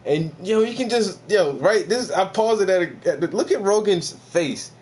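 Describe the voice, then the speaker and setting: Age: adult. Sex: man. Origin: from the United States. Pitch: a bit high, swinging widely as he riffs. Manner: loose, cursing, mocking, quick to laugh. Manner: profane, animated, laughs often, mocking asides. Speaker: video commentator reacting to a podcast clip. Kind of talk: casual profane reaction rant.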